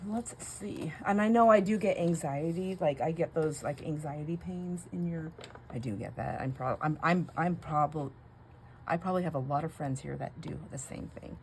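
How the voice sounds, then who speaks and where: In a low voice at a moderate pace, a middle-aged crafting vlogger makes labels at home, chatting casually, laughing a lot and thinking out loud. The home recording carries steady background noise.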